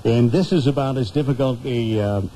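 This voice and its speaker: A man's voice: medium pitch, fairly quick, slight background noise, low-quality recording. A man hosting a live radio show, chatting in a friendly way and often stumbling over his words. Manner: warm, fumbling, repeats words. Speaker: radio host. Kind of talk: live radio chat on a final broadcast. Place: radio studio.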